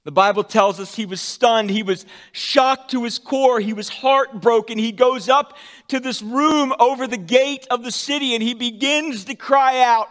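A pastor preaching a sermon, with dramatic swings from loud emphatic peaks to hushed, soft endings. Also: male voice, extremely high pitch, a little slow, big-room sound.

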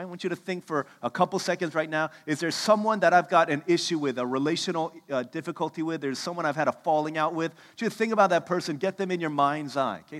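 A man in his thirties preaching a sermon as pastor, conversational and animated, putting questions to the congregation. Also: a little high. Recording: long reverb of a large hall.

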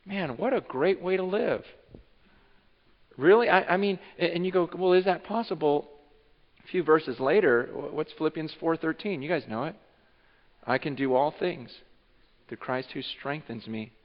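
A man preaching a sermon as pastor, acting out what listeners might say in lively bursts. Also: a little high, moderate pace, long pauses, in a large hall, lo-fi sound. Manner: animated, acts out imagined speech of listeners. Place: church sanctuary.

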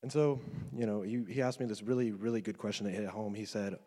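A young man in his twenties tells his faith testimony in an earnest, emotional way, often leaning on casual fillers. His voice sits a little low, and it rings out with the long reverb of a large hall. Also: steady tone, quick pace, warm tone. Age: 20s. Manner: earnest, emotional, loose with fillers like "you know". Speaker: student giving a faith testimony. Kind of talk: personal testimony talk.

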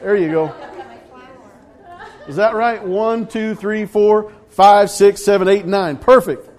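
A man's voice: high voice, takes it slowly, a little mellow, a faint crowd. A man leading a casual sermon as pastor, playful and teasing with the congregation. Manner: playful, teasing, loose with restarts.

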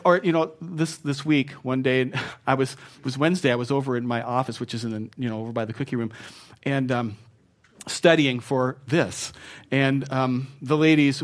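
A man preaching a conversational sermon in church, chatty and self-mocking, teasing his congregation. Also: medium pitch. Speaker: pastor. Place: church sanctuary.

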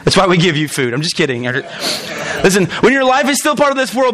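A pastor with a strikingly high voice preaches in his church. He jokes with the congregation, then leans hard into his points with emphatic repetition. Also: brisk. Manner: animated, joking, emphatic preaching. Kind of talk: sermon.

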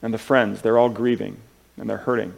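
A man preaching a sermon in an earnest, halting way, with many restarts, moving between soft and loud passages. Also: on the low side, little pitch movement, gravelly. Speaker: pastor.

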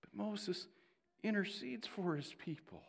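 Slow, lively-voiced male preacher. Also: high voice, gravelly. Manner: animated storytelling with sarcastic asides. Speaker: pastor. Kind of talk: sermon. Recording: long hall reverb.

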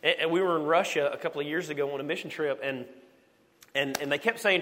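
A man's voice: fairly high pitch, fast talker, bright, forceful tone, a little hiss or hum. A man from the United States preaching a sermon, telling a story with animation and asking the congregation questions. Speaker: pastor. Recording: long hall reverb.

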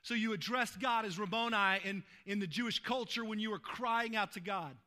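Man, sermon, bright tense voice, informal preaching. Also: sits high, normal speed. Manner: informal, asks "right?" to the listeners. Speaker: pastor. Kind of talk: conversational sermon.

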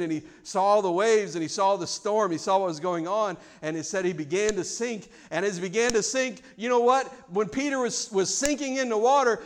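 A man preaching a sermon, swinging between loud, mock-formal prayers and quiet, reflective stretches. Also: sits high. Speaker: pastor.

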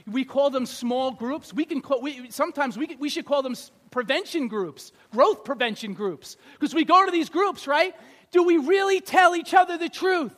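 High-voiced male pastor preaching. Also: normal speed. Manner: conversational, animated, acts out scenes. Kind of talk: sermon.

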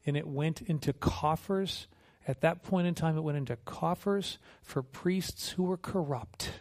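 A man preaching a sermon with a fairly high voice. He talks in an easy, humorous way and acts out little scenes as he tells them. His voice keeps lifting on the punchlines. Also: unhurried. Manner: conversational, humorous, animated storytelling with acted quotes. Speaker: missionary preacher.

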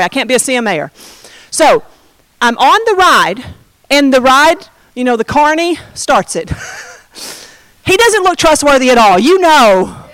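A middle-aged woman preaching a sermon through a personal story, animated, with dramatic slowdowns and hushed emphasis. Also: high-pitched, dry recording.

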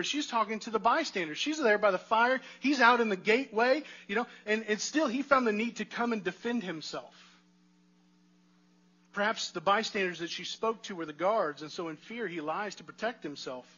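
A man's voice: high voice, expressive, brisk, pushed and bright, breathy edge, dull audio. A man preaching a sermon in a conversational way, asking the congregation rhetorical questions. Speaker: pastor.

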